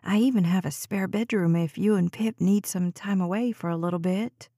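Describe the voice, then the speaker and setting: Woman reading kind concerned coworker lady, gentle, mellow voice, dry. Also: on the low side, moderate pace, no echo, close to an everyday voice.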